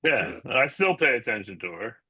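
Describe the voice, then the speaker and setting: A male podcast co-host in casual chat, mostly giving quick reactions and short agreements. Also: mid-range voice, big pitch swings, pushed and bright, breathy edge, no echo.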